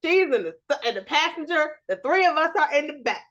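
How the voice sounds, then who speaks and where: A woman from New York co-hosting a podcast, telling an animated, explicit family story and acting out the quotes. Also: high-pitched, a little fast, dull audio. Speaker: podcast co-host. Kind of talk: casual storytelling chat.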